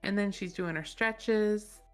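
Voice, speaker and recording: A woman's voice: mid-range voice, takes it slowly, clear, resonant tone, soft background music. A woman playing a tabletop game, loosely describing her character's actions. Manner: loose, rambling narration. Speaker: player.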